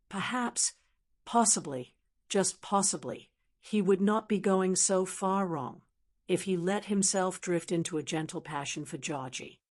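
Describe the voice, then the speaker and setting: A text-to-speech woman's voice narrating a classic novel as an audiobook, in an even, measured way. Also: medium pitch. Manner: even, measured synthetic delivery. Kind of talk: scripted narration.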